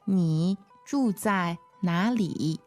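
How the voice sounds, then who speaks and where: A woman teaching a language lesson, repeating phrases slowly and patiently. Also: fairly low pitch, soft background music.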